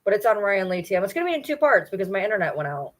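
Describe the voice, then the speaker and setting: A woman talking casually on a livestream in a voice of ordinary pitch for her sex. She rambles, slips into cooing at her dogs between stories, and swears offhandedly. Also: sing-song, racing. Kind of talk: casual chat during a livestream.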